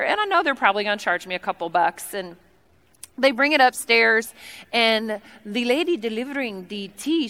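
A woman speaking from a church stage, telling humorous stories in an animated, playful and chatty way. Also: a little high. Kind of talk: humorous sermon storytelling.

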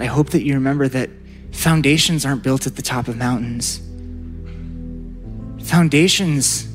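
Male preacher, emphatic, call-and-response, faint background music. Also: mid-range voice. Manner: emphatic, drawn-out repetitions, leads call-and-response. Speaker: pastor. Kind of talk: sermon.

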